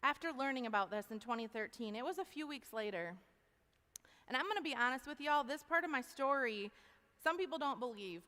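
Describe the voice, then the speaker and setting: A woman giving an animated testimony talk to an audience, folksy, calling them y'all. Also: a little high. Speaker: speaker at a university event. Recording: long hall reverb.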